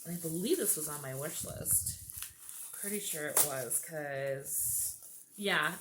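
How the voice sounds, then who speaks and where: A woman's voice: deep voice, unhurried, background noise. A woman vlogger chatting casually as she unboxes birthday gifts, gushing, gasping and laughing often.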